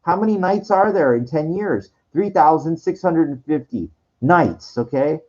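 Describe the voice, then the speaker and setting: A man's voice: fairly high pitch, lively intonation, measured pace, mellow. Stammering, exasperated man in his forties. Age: 40s. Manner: repetitive, stammering restarts, profane and exasperated. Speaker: monologue speaker. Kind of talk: rambling personal rant. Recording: dull lo-fi audio.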